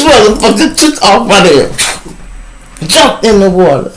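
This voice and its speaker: Slow-talking man telling stories. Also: high-pitched, heavy background noise. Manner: animated, profane, laughs between lines. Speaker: show host. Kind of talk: casual storytelling to viewers.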